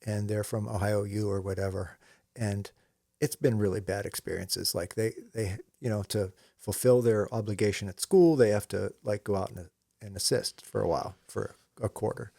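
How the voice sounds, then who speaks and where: Recorded clean in the studio with no room sound, his voice is fairly low, dark and fry-tinged, moving at a normal speed. The commercial photographer and co-host wanders through casual tales of his trade, restarting often, adding asides and saying "you know" a lot.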